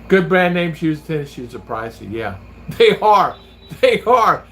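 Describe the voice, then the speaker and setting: A man's voice: on the high side, big pitch swings, a little slow, a bit bright, slight background noise. A man hosting a vlog, chatting casually and telling rambling stories while laughing often. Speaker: vlogger and host. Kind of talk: casual chat.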